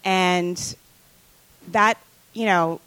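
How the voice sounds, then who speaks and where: Woman guest, casual story, halting delivery, slightly low voice, dry close mic. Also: fairly even intonation, bright, forceful tone, no room sound, low-quality recording. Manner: hesitant, lots of ums and likes.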